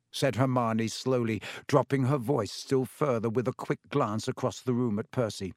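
A man reading a story aloud as narrator, expressive and measured. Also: mid-range voice, no room sound, clean studio sound. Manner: expressive reading with character voices. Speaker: audiobook narrator. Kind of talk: scripted narration.

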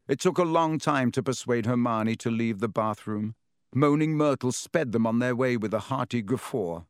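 A man's voice: medium pitch, clean tone, no room sound. Man narrating a storybook, dry and close. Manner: measured storytelling, voices each character. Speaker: audiobook narrator. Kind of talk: scripted narration.

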